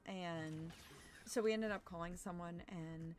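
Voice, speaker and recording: A young adult woman streamer chatting casually while gaming, rambling with fillers and sounding a little hoarse as her voice recovers. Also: fairly low pitch, a little slow, a little hiss or hum. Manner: animated greetings to chat. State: slightly hoarse from overuse, recovering.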